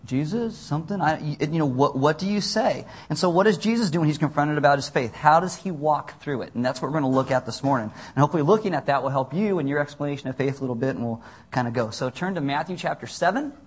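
Husky-voiced man preaching conversationally. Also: on the high side, expressive, quick pace. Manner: conversational, reads scripture aloud, self-deprecating asides. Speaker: pastor. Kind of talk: sermon.

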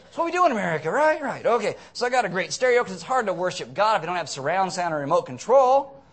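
A man's voice: mid-range voice, rapid-fire, a bit bright, lightly acted. A man playing a self-pitying, comfortable churchgoer in a sarcastic, mock-earnest sermon bit.

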